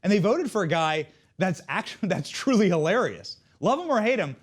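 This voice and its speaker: Sarcastic male commentary host in his thirties; animated, mid-pitched read. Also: fairly quick, husky. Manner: mocking, sarcastic delivery. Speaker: show host. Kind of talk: scripted political commentary.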